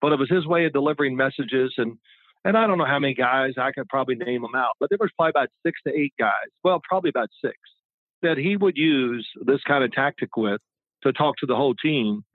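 A man in his sixties, a onetime quarterback appearing as an interview guest, speaks fast at medium pitch in a casual conversation. He's chatty and rambling, often restarting, and his voice comes over a tinny, dry, phone-like line with no echo.

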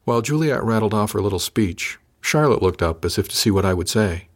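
A man reading a first-person science fiction story aloud in a measured, dry manner. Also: lowish voice, lively intonation. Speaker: narrator. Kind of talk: scripted first-person audiobook narration.

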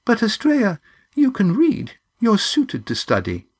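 Man doing a high earnest young woman. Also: huge pitch swings, measured pace, husky, full character voice. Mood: pleading.

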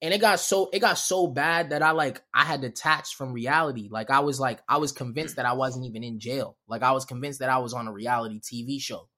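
Casting: male storyteller, loose and animated, breaks into laughter, acts out every quote. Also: mid-range voice, brisk, hardly any pauses. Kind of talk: casual storytelling.

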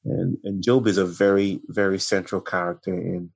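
Husky, deep-voiced man musing slowly. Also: flat delivery, darkish tone. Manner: slow, searching, reflective storytelling. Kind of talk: reflective conversation.

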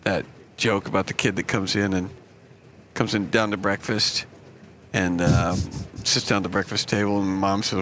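A man's voice: on the low side, steady tone, normal speed, a bit bright. A man in casual banter among friends, dryly telling long jokes. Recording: noisy recording.

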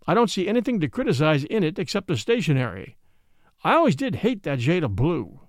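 Brief: gruff but fond old uncle, read by a man, bustling and animated. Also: a little high, fairly quick, dry recording, clean studio sound.

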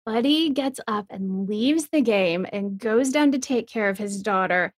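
A woman's voice: mid-range voice, animated, unhurried, no room sound. A woman co-hosting a podcast, chatting enthusiastically and teasing her co-host. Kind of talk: casual rewatch podcast chat.

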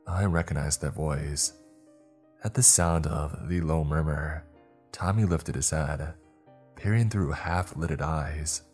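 A man narrating a first-person horror story in a tense, measured way. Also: very deep voice, darkish tone, slightly rough.

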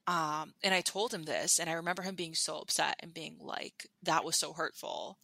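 A woman's voice: deep voice, steady tone, moderate pace, creaky, pushed and bright, dry recording. A woman telling a personal story as a podcast guest, chatty, with many fillers and restarts. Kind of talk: candid storytelling.

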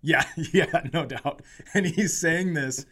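Animated man telling a comic story. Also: a little high, slow pace. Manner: animated storyteller, acts out quotes, giggles. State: tired and hungover during the story. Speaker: comedian podcast co-host. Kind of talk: casual storytelling chat.

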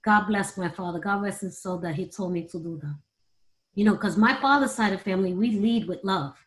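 A woman's voice: medium pitch, a little fast, low-quality recording. A middle-aged woman, a performer, telling emotional personal stories in a candid, conversational interview. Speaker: guest, performer.

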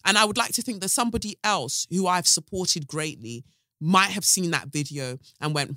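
A young woman holds forth on her own podcast with a bright, forceful tone, sarcastic and blunt, swearing without a second thought. She jumps from loud jabs to hushed asides. The sound is close and dry, with no room around it. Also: on the low side, normal speed, no echo. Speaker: podcast host. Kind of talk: animated solo podcast rant.

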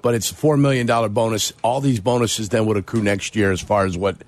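A man's voice: fairly low pitch, steady tone, quick pace. A man co-hosting a sports talk show, explaining details in a matter-of-fact way. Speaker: sports radio co-host.

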